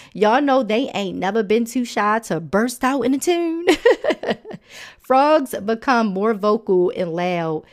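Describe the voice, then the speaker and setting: A woman hosting a nature podcast in casual narration, chatty and playful, with frequent laughs and sassy, colloquial asides. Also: medium pitch. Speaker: podcast host.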